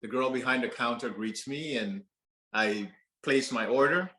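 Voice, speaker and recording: A man's voice: medium pitch, a little slow, sharp tone. A man giving a personal storytelling talk from a stage, earnest and conversational, laughing now and then. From Canada. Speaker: speaker. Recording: roomy auditorium echo.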